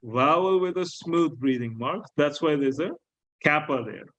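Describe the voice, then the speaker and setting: Man, teacher, slow delivery, fairly high voice, repeats key words, quizzes students. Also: lively intonation, fairly bright tone, poor audio. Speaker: Greek teacher. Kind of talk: classroom lecture.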